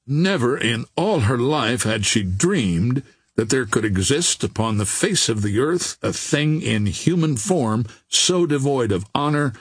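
A man reading an audiobook as narrator in steady scripted storytelling. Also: mid-range voice, breathy edge, no echo.

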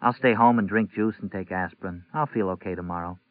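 A man's voice: low voice, a little fast, no room sound, lightly acted. A man putting on a sardonic sick mother. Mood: grumbling. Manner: sardonic, grumbling. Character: gruff middle-aged mother with a cold. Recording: tinny phone-like audio.

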